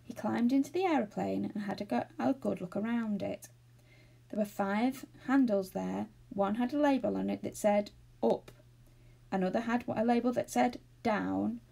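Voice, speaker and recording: A woman reading a children's novel aloud, steady and expressive. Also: mid-range voice, moderate pace, gravelly. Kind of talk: storybook read-aloud.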